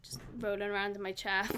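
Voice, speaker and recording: A woman's voice: medium pitch, a little hiss or hum. A young Welsh woman from South Wales chatting casually with her live stream audience, giggly and full of "like".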